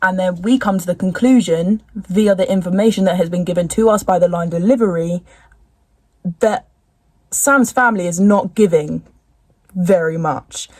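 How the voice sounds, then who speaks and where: A woman's voice: fairly low pitch, moderate pace, darkish tone, no room sound. A young woman in casual chat recapping a TV episode at home, rambling with slangy, jokey asides. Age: young adult.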